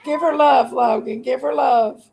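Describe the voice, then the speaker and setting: A woman rambles through a casual livestream chat, folksy and warmly talkative. Her voice sits high, and a strong gravelly fry runs under almost every word. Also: fairly even intonation, a little slow, low-quality recording. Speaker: livestream host.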